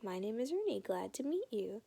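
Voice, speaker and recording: A woman's voice: a little high, big pitch swings, normal speed, vocal fry, warm tone, husky, exaggerated voice. Woman doing a cheeky little boy. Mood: playful.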